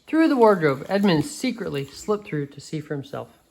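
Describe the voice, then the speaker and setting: A woman with a low voice reads a picture book aloud to a child. Her reading is gentle and expressive, and she stumbles and restarts now and then. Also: moderate pace, creaky, slight background noise, rough recording. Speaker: reader.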